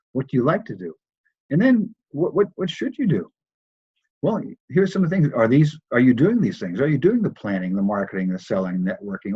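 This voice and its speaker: A man's voice: mid-range voice, darkish tone, slightly rough, no room sound, dull audio. A man teaching a recorded course, talking loosely with many restarts and repeated words. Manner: loose, repetitive delivery with frequent restarts. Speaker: course instructor.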